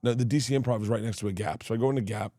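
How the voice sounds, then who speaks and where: A man telling wild personal stories as a guest, switching into loud laughing impressions of the people in them. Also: on the low side, rapid-fire, dry recording, clean studio sound. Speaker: guest storyteller. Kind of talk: comic storytelling.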